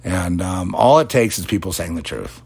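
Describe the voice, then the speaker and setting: Gravelly, lively-voiced man preaching. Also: sits low, moderate pace. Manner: preachy, mocks imagined opponents in quoted voices. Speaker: podcast host. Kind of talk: religious commentary monologue.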